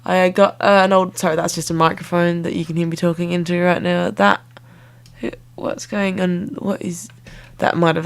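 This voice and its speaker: A woman's voice: lowish voice, fairly even intonation, moderate pace. A young woman, rambling casually to camera in a playful, self-mocking way that jumps between tangents. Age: young adult. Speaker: vlogger.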